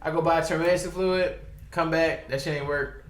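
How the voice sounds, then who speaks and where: A man's voice: a little high, steady tone, moderate pace, echoey room. A man from Baltimore, a podcast guest telling a long, profane, rambling story packed with quoted dialogue. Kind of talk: casual storytelling. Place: podcast studio.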